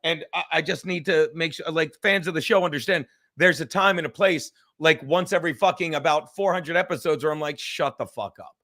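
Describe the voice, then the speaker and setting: Loud, profane man hosting a podcast. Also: a little high, fairly even intonation, fairly quick, hardly any pauses. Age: 50s. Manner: loud, profane, heated storytelling. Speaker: podcast host. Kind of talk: casual chat.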